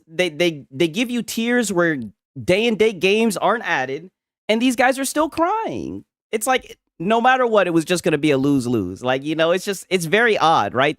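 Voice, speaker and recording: A man hosts a loose, casual commentary stream, his voice bouncing up and down in pitch with plenty of swing. He talks in a profane, mocking way and laughs often. The sound is dry and close, with no room to it. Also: big pitch swings, moderate pace, no echo.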